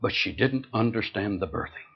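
A man's voice: fairly low pitch, animated, normal speed, slightly rough, muffled recording. A man preaching an emphatic sermon, telling a story and repeating points for stress.

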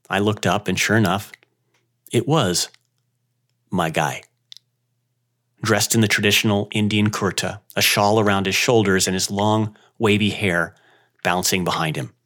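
A man who owns a yoga studio, telling a personal story in an unhurried, reflective way with dramatic pauses. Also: fairly low pitch, fairly bright tone.

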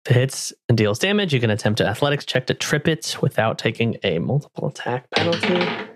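A man's voice: mid-range voice, sing-song, a little fast, no echo, studio quality. A man playing a tabletop game, describing his character's moves with gusto. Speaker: player. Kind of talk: casual tabletop game play.

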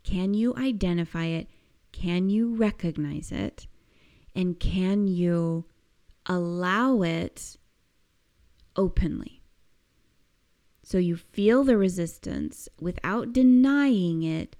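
Woman coach talking slow and gentle, lots of soft little laughs, pretty reflective. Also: lowish voice. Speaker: coach giving a weekly task. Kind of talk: reflective guided self-help talk.

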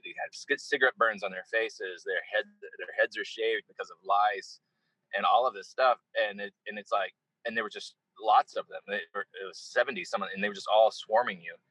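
A middle-aged man telling stories in a relaxed interview, with a lowish, husky voice and a bright, forceful edge. He is animated, acts out back-and-forth exchanges, and leans on "you know" between thoughts. The sound is close and dry. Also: no room sound, rough recording. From United States. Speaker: interview guest. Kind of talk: casual conversational interview.

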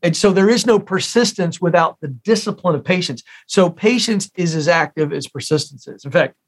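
A man in his forties from the United States talks as an interview guest, emphatic and fond of repeating his key phrases. His voice sits a bit higher than most men's. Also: normal speed. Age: 40s. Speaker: guest, career expert. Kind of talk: interview storytelling.

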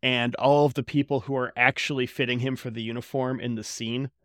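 A man's voice: medium pitch, brisk, dry recording, studio quality. A young man co-hosting a podcast, casually and jokingly recapping a TV episode. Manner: joking, animated, does voices. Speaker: podcast co-host. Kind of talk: casual chat recapping a TV show.

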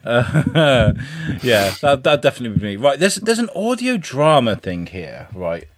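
A man's voice: mid-range voice, big pitch swings, moderate pace, husky, no room sound. A man from the UK co-hosting a casual podcast chat, joking, rambling and swearing freely. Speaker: co-host.

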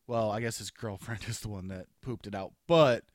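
A young man co-hosting a casual podcast, crude and joking with loud bursts of laughter. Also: lowish voice, moderate pace, no room sound, studio quality. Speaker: podcast co-host.

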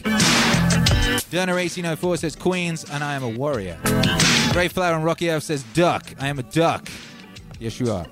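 A man hosting a music livestream, reading out viewers' comments with playful deadpan asides. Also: fairly high pitch. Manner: playful, deadpan asides, frequent ums and uhs.

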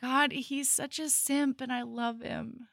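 A woman co-hosting a podcast casually recaps a novel, acting out the characters' lines with laughter and plenty of animation. Her voice sits high and is creaky, she speaks slowly, and the recording is dry.

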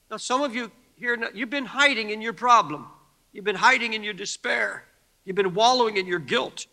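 A man preaching a sermon to a congregation, fervent, moving from quiet talk to shouting. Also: high voice, normal speed. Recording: long hall reverb.

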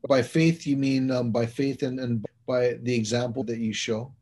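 Man, host, husky voice, short questions, middle pitch. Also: steady tone, normal speed, darkish tone. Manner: brief prompts and questions. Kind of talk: interview.

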